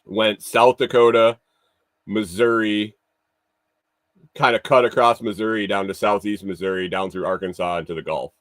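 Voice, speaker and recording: Male livestream host, lowish voice, loose and profane, laughs a lot, dry close-mic sound. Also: fairly even intonation, moderate pace, a bit bright, dry recording. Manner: profane, laughs often, rambling with restarts. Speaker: livestream morning show host. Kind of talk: casual chat reading viewer comments.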